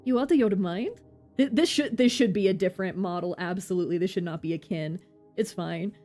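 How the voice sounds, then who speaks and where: A woman streamer commenting on a game in a casual, excitable way, exclaiming and swearing. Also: medium pitch, fairly quick, soft background music. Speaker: vtuber streamer.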